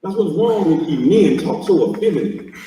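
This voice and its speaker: A man's voice: high voice, expressive, normal speed, mellow, far from the mic, a little hiss or hum. Mocking, confrontational man in an echoey room. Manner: mocking, confrontational, swears a lot. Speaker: host reacting to a video clip. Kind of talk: heated reaction commentary. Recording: echoey room, speaker off mic.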